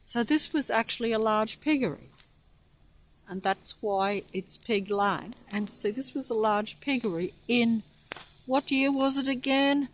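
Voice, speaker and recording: A woman's voice: a little high, unhurried, a little hiss or hum, rough recording. An older woman vlogging outdoors, rambling and losing her place as she reads a plaque, often out of breath. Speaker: local history vlogger. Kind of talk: rambling walking vlog.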